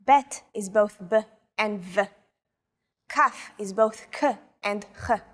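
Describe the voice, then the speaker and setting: Woman co-host, slow deliberate model pronunciation, mid pitch. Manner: careful, deliberate delivery. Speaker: native-speaker co-host.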